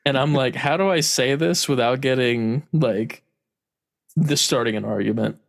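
A man's voice: medium pitch, normal speed, vocal fry. A man in casual chat, telling a story with frequent laughs and casual swearing.

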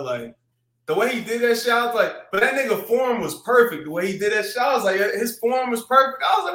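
A man talking casually on a podcast, rambling with restarts and plenty of swearing, growing animated when he retells a story. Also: very high-pitched, a little fast, echoey room. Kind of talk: casual chat.

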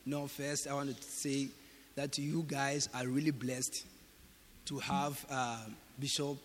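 A man's voice: medium pitch, level tone, takes it slowly, a little hiss or hum. A visiting pastor from Ghana, a man, speaking hesitantly with fillers and laughs as he addresses a church. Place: church hall. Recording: roomy church hall, crowd murmur.

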